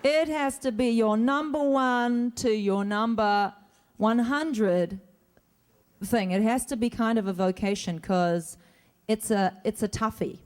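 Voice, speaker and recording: A woman answers questions from fans as a guest actor at a convention panel, talking into a stage mic in a large hall. Chatty, joking, and self-deprecating, she often restarts, speaking slowly in a fairly high, clean voice.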